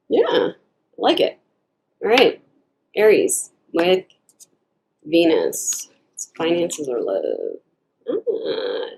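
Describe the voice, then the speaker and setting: With slight background noise behind her, a woman with a fairly low, darkish voice chats through a casual tarot reading for viewers. She rambles, laughs frequently and performs quotes in changing little voices.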